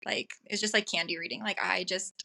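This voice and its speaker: A woman's voice: mid-range voice, steady tone, a little fast, gravelly, pushed and bright. A woman guest in a casual podcast chat, gushing and chatty with many filler words.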